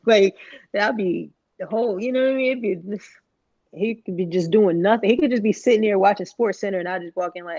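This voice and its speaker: A woman co-host chatting loosely on a podcast, full of slang and swearing, wandering through her points. Her voice sits mid-pitched, recorded close and dry with a slightly muffled, lo-fi tone. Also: brisk, darkish tone, husky, no echo. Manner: slangy, profane, rambling with frequent laughter. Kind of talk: casual chat.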